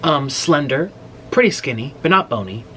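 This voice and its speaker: A man in his late twenties chatting to camera as a mukbang host, telling a story in an animated, rambling way and breaking off mid-sentence. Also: medium pitch, normal speed, slight background noise. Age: late 20s. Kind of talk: casual storytelling chat to camera.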